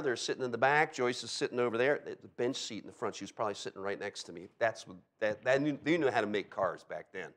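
A man's voice: mid-range voice, a bit bright. A middle-aged man from Delaware preaching a sermon as a pastor, telling stories with sound effects and frequent "okay?" asides. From Delaware, USA.

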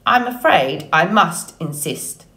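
A woman's voice: lowish voice, animated, takes it slowly, fairly bright tone, full character voice. A woman doing a stubborn grumbling beaver. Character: stubborn grumpy male beaver, set in his ways.

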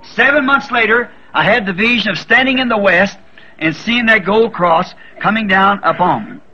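A man in his fifties preaches with a high, ringing, bright voice. He tells his story with feeling and cries out when he repeats the prayers he made. The recording is dull and lo-fi, like an old sermon tape. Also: moderate pace.

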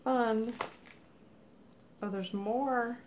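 A woman's voice: a little high, fairly even intonation, very slow, a little mellow, slight background noise. A woman narrating a craft mail unboxing in a casual, gushing way, exclaiming often over each item. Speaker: crafting vlogger.

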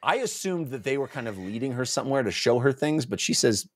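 A man's voice: medium pitch, expressive, fast talker, no room sound. A man co-hosting a casual book discussion podcast, rambling and playful, with many fillers. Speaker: podcast co-host.

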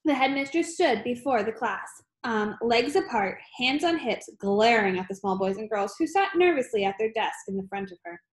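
Brief: woman storybook narrator, fairly high pitch, steady reading. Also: normal speed, hardly any pauses. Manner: steady reading with some slips and fillers. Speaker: audiobook reader.

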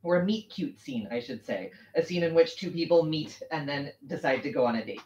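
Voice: medium pitch, lively intonation, fairly quick, darkish tone. A host chats casually while sewing, wandering through thoughts and restarting sentences with small laughs. The sound is muffled and roomy, like a home stream. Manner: rambling, self-correcting, laughs easily.

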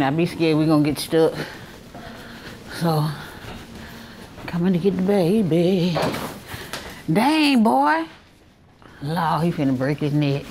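A woman's voice: lowish voice, darkish tone. A worn-out middle-aged woman with a Southern US accent, chatting to her viewers as she walks through a hospital with her phone. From Alabama, US. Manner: chatty, talks straight to viewers while walking. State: tired, worn out. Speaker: vlogger. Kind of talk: casual handheld vlog chat. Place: hospital corridors and rooms, indoors. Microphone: handheld phone. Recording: noisy hospital ambience.

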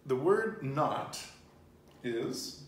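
This man's medium-pitched voice has a sing-song lilt and a very slow pace as he gives a casual Spanish lesson. He coaxes his learner patiently and repeats what she says, captured on a far-off mic in a roomy space with a little noise.

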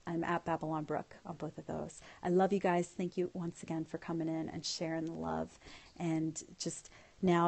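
A woman's voice: on the low side, mellow. A woman hosting a casual phone livestream, reading viewers' comments aloud and thanking them effusively with blown kisses. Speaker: livestream host.

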